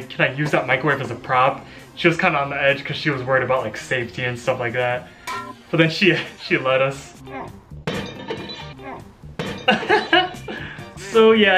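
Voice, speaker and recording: A young man gives a loose, rambling reaction to a clip he made years ago, often breaking into laughter. His voice is bright and forward at an ordinary pitch, with faint music under it. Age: young adult. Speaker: YouTuber reacting to his old video. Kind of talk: casual reaction commentary.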